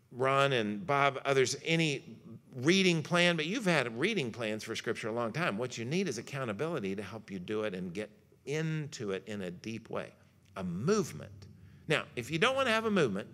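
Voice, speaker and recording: Bright-voiced man giving a folksy church lecture. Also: mid-range voice, expressive, normal speed. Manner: folksy storytelling with jokes and acted-out quotes. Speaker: pastor and guest lecturer. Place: church hall.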